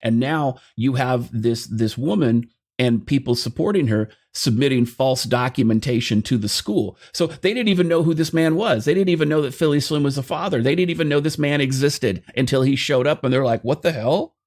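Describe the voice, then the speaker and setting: A man's voice: mid-range voice, a little fast, a little mellow. Emphatic male host talking to viewers. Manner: emphatic, speaks to the audience directly. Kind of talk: casual conversation, explaining to viewers.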